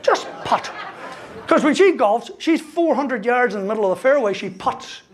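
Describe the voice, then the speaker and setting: A man's voice: very high voice, expressive, fairly quick, some chatter behind. A man, giving a humorous motivational talk full of stories, punchy jokes and a constant "right?" tagged onto his lines. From Ireland. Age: 50s. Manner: storytelling, punchy jokes, keeps tagging "right?". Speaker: motivational speaker. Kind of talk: humorous keynote speech.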